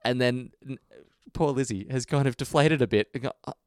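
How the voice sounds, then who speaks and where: A man with an Australian accent, co-hosting a podcast and telling a story in casual chat, with lively jumps in pitch. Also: brisk, clean tone, no room sound, clean studio sound. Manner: animated, jumps up in pitch for quoted voices. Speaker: podcast co-host.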